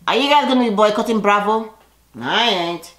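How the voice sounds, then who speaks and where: A woman's voice: mid-range voice, animated, brisk, a bit bright. A woman doing a casual, gossipy recap of a reality TV episode, saying "girl" and "you know" a lot. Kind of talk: casual chat. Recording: echoey room.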